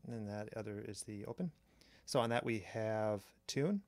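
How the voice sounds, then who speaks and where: A man calmly explaining a drum machine's sounds step by step, pausing between phrases as he demonstrates. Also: fairly low pitch, over loud music. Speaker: synth reviewer. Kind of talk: technical demo narration. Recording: strong mains hum on the mic.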